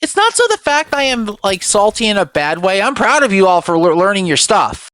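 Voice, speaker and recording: A man's voice: sits high, sing-song, fairly quick, fairly bright tone, no room sound. A man who is the dungeon master, chatting casually with friends; he rambles, swears freely and restarts his sentences. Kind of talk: casual chat among friends.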